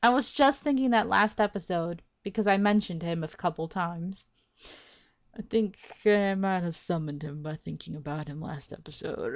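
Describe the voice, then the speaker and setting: A woman's voice: medium pitch, expressive, measured pace. A woman hosting a let's play of a visual novel, giving casual, exasperated commentary with frequent swearing and laughter.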